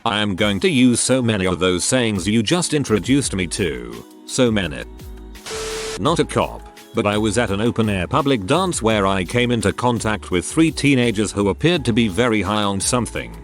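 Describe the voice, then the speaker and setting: Low-voiced man reading stories aloud. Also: moderate pace. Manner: calm storytelling read-aloud. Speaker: narrator reading online stories. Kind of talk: scripted narration. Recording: faint music behind voice.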